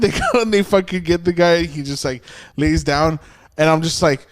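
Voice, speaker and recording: A man's voice: fairly high pitch, moderate pace, no echo, faint music behind. A man hosting a podcast, telling a story in a casual, profane way and acting out the people in it. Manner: animated, profane, acts out the people in his story. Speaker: podcast host.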